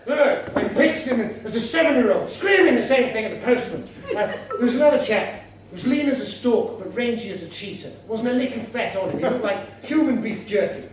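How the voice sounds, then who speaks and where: A man's voice: very high voice, animated, brisk, hardly any pauses, far from the mic. A man doing stand-up comedy in a pompous, mock-formal, dandyish manner, in a comedy venue before a live audience. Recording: echoey room heard from afar, noisy.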